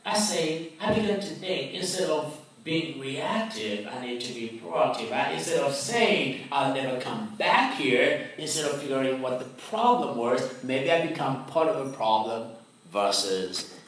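A man's voice: mid-range voice, lively intonation, a little slow. A male pastor preaching a sermon, telling a personal story in a conversational way. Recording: very echoey hall, mic far off, faint noise.

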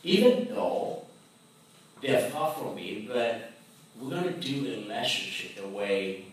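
A man's voice: medium pitch, very animated, slow pace. Male pastor preaching in an echoey hall. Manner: conversational storytelling preaching. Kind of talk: sermon. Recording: very echoey hall, mic far off, faint noise.

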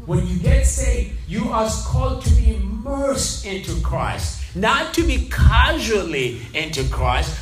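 A male pastor preaching a lively sermon, firing rhetorical questions and calling on the congregation to respond. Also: high-pitched. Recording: echoey hall, mic far off, music behind.

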